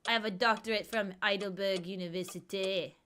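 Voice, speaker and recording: A woman voicing a pompous male German wolf researcher, reading his lines slowly in a deliberately bad mock French accent. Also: medium pitch, steady tone, fairly bright tone, slight background noise, lightly acted. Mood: lecturing. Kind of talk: reading game dialogue aloud.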